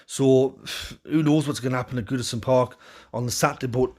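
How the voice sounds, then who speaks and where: Guy ranting after the match, mid-pitched voice, lots of ums, frustrated and opinionated. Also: fairly even intonation, brisk, a little mellow. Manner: frustrated, opinionated, rambling with fillers. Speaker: football fan channel host. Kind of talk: post-match reaction monologue.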